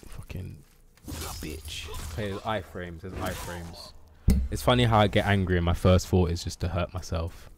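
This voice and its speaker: Man, game streamer, lowish voice, mutters and curses, casual commentary. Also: fairly even intonation, normal speed, noisy background. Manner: frustrated, swears a lot, mutters to himself. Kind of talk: casual live gameplay commentary.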